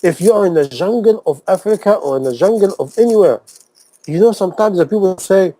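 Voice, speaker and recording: Impassioned preacher man, dark-toned. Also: high voice, animated, a little fast, poor audio. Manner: emphatic, repeats phrases, fires rhetorical questions; non-native English grammar. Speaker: Islamic preacher. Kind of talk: impassioned sermon talk.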